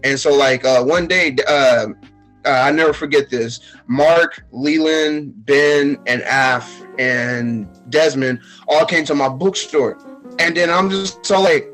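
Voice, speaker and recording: A man's voice: fairly high pitch, takes it slowly, fairly bright tone, faint music behind, poor audio. A young man with a Texas accent, telling stories in a casual podcast chat, acting out quotes with many fillers and restarts. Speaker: podcast guest.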